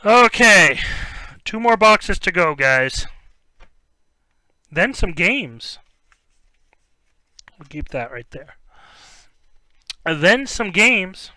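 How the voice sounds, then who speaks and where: A man's voice: fairly high pitch, smooth, no room sound. A young man hosting a card break, chatting casually as he opens packs and reads off player names, stumbling over words now and then. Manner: rambling, stumbles over names, bursts of excitement. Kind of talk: casual live-stream chat while opening cards.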